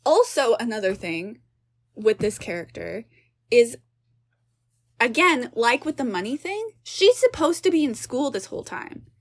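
A young woman with a fairly high voice, talking through a film in a casual review chat. She is animated and exasperated, swearing casually as she picks apart the story. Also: a little slow. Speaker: podcast co-host.

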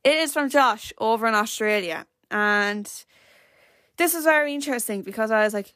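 Rambling chattily on her solo podcast, a teenage girl from Ireland fills her talk with fillers. Her voice is a little high and a bit bright, she keeps a moderate pace, and there's no echo.

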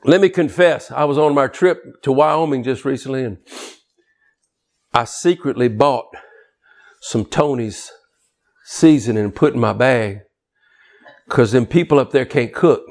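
A man preaching a sermon in a folksy, joking way, swinging from quiet low asides to loud shouting. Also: unhurried, pauses often. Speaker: pastor.

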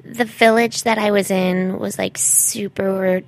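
A woman's voice: mid-range voice, steady tone, slow. A woman putting on a ditzy young traveler girl. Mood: airy oblivious. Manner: breezy, careless, oblivious. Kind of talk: comedic improv character.

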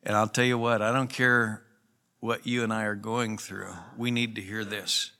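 A man's voice: lowish voice, little pitch movement, moderate pace, bright, forceful tone. A pastor preaching a sermon in an earnest, conversational way, with emphatic rises in his voice. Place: church.

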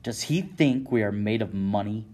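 A man voicing an angry colonial merchant who shouts his indignation. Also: fairly low pitch, moderate pace, close to an everyday voice. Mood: furious. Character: furious colonial merchant man, hot-tempered rebel.

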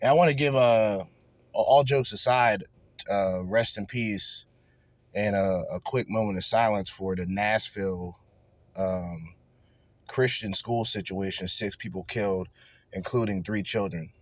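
A man's voice: fairly low pitch, unhurried, dry recording. A man hosting a reaction commentary show, ranting crudely and mockingly with lots of profanity. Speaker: commentary podcast host.

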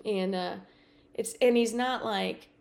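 A woman podcast host tells a personal story, casual and animated, loaded with fillers and acted-out dialogue. Her medium-pitched voice is creaky, and she takes her time.

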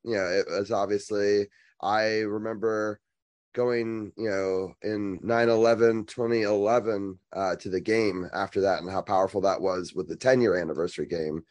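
A man's voice: fairly low pitch, steady tone, moderate pace, a little mellow. A man hosting a casual chat, asking questions in a hesitant way with many fillers. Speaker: podcast host.

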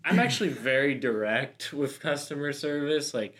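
A man co-hosting a podcast in casual chat, telling stories in an animated way and laughing as he talks. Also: mid-range voice, normal speed. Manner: animated storyteller, laughs through his stories. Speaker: podcast co-host.

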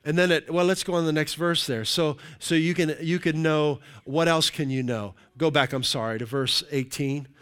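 A man's voice: on the high side, fairly even intonation, moderate pace, hardly any pauses, a bit bright, smooth. A middle-aged male pastor giving a conversational sermon, checking in with the congregation with frequent "right?"s.

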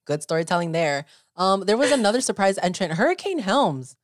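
A woman co-hosting a podcast in casual chat, talking in an animated, gushing way and filling her speech with "like", slipping into now and then. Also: medium pitch, a little fast, no echo, studio quality. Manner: animated, gushing fan talk with filler "like". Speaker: podcast co-host.

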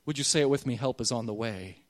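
A man's voice: mid-range voice, quick pace. A man preaching a sermon as pastor, earnest and emphatic, calling on the congregation to repeat after him.

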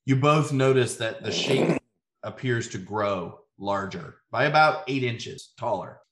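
A man narrating a tabletop game as game master, calm with frequent ums. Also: medium pitch, measured pace. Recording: echoey room.

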